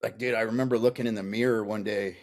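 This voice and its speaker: A man's voice: fairly low pitch, fairly even intonation, quick pace. A man in his thirties, a podcast guest, telling his story in a blunt, profane, intense way. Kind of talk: casual interview chat.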